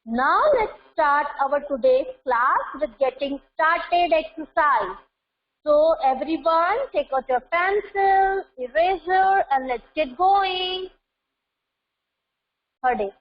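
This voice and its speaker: A woman's voice: high-pitched, takes it slowly, muffled recording. A woman teaching an online class to young children, repeating words for pronunciation practice.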